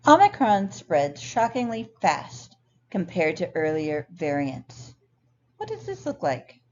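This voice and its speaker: A woman's voice: lowish voice, huge pitch swings, takes it slowly, a little mellow. Woman teaching a recorded lesson, lo-fi. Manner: clear, patient explaining. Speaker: ESL instructor. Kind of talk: recorded lecture over slides. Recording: dull lo-fi sound, faint noise.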